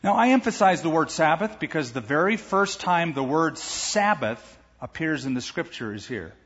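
Male pastor, conversational preacher, husky tone, long hall reverb, muffled recording. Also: on the high side, animated, moderate pace, a bit bright. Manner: conversational expository preaching with asides. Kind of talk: sermon. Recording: echoey hall, dull lo-fi sound.

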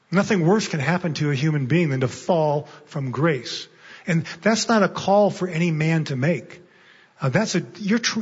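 A man's voice: fairly high pitch, slightly rough. A man preaching a sermon as a guest speaker in a church, emphatic, often repeating a word as he starts a thought. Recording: muffled echoey church hall.

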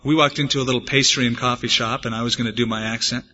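Male pastor from the States, sermon delivery, earnest with touches of humor, sharp ringing tone, muffled recording with long reverb. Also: medium pitch, fairly even intonation, fast talker. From United States. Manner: earnest preaching mixed with humorous personal stories. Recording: dull, echoey church hall recording.

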